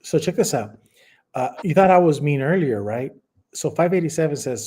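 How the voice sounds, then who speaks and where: A man's voice: fairly high pitch, lively intonation, normal speed, dark tone, husky. A man co-hosting a casual podcast chat, a rambling storyteller who stops and restarts often. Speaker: podcast co-host.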